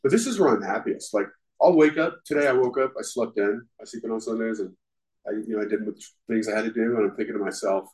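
A man with a slightly low voice speaks candidly at a recovery meeting, telling his own story. He is self-deprecating and frank, and his talk is loose and conversational, full of "you know". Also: fast talker, a little mellow, low-quality recording. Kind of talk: candid personal testimony.

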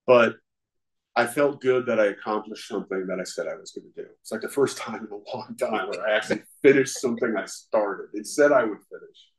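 A man's voice: on the low side, a little fast, rough recording. A man giving candid personal testimony at a recovery meeting, self-deprecating and peppered with "you know". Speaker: speaker sharing at a recovery meeting.

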